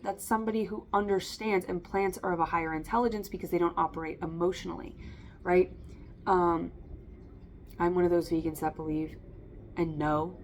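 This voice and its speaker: A woman giving a casual spoken tarot reading, rambling with frequent ums and likes and breaking off to restart her thoughts. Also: fairly low pitch. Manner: self-interrupting, slips and restarts. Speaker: tarot reader.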